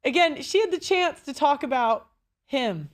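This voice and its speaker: A woman's voice: high-pitched, expressive, normal speed. A woman hosting a commentary show, reacting to a speech with blunt, crude mockery. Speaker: commentary host.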